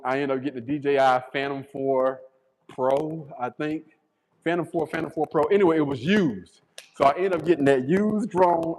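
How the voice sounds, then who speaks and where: Slangy, animated storytelling man. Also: a little high, in a large hall, rough recording. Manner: animated, slangy, repeats words. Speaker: YouTuber. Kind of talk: casual storytelling vlog.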